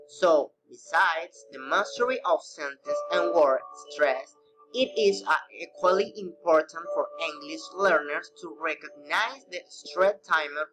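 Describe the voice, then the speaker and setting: A man teaching a recorded English pronunciation lesson, reading slowly with non-native phrasing. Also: a little high, poor audio.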